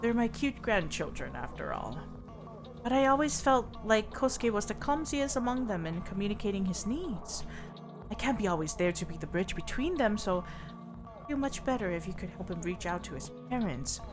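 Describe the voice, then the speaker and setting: A woman voicing a kindly, worried elderly grandmother with a put-on accent, speaking slowly and tenderly. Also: mid-range voice, sing-song, music in the background, voice pushed up, lightly acted. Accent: put-on foreign accent. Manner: slow, soft-spoken and tender.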